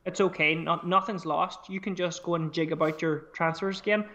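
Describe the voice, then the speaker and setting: Bright and forceful, his slightly high voice holds a steady tone at a brisk clip, though the audio is muffled. He's a podcast co-host in an easygoing fantasy football conversation, swearing openly as he works through his squad selections aloud.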